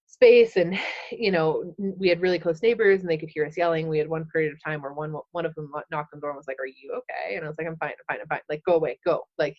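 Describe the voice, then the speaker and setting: A woman in her thirties, a podcast guest, tells her own story candidly in casual speech, often saying "like" and acting out what she thought back then. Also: low-pitched. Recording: dull lo-fi podcast audio.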